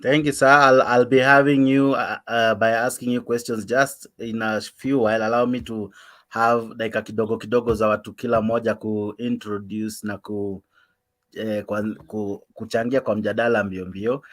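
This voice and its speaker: A man with a Kenyan accent moderating a political panel. He speaks haltingly and mixes English with Swahili. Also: fairly low pitch, level tone, fairly bright tone. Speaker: panel host.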